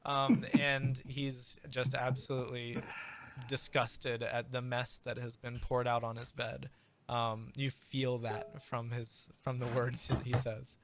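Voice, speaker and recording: A man narrating as game master in a halting, casual way. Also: medium pitch, level tone, a bit bright, slight background noise. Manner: halting, many fillers and restarts.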